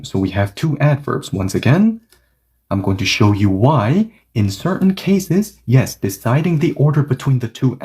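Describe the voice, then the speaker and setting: A man's voice: medium pitch, mellow. A man teaching a Korean grammar lesson, explaining word order and acting out example sentences with lots of "okay" and "yes" asides.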